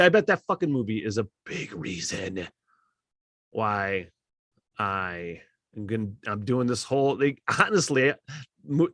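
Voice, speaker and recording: A middle-aged man from Michigan hosting a casual solo podcast, rambling and swearing, getting worked up and loud at times. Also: medium pitch, dry recording, studio quality. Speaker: podcast host.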